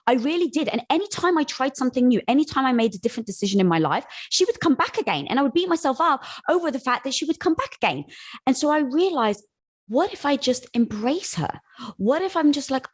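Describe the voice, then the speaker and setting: A woman's voice: high voice, sing-song, fast. A woman guest speaking earnestly and encouragingly in a candid conversation. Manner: earnest and encouraging, calls the host girl.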